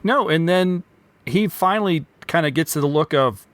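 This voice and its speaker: A man co-hosts a podcast, talking through an old film in a relaxed way. He thinks aloud and asks questions, often restarting his sentences. His voice is a little higher than most men's. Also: moderate pace, no echo. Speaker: podcast co-host. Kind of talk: casual film discussion.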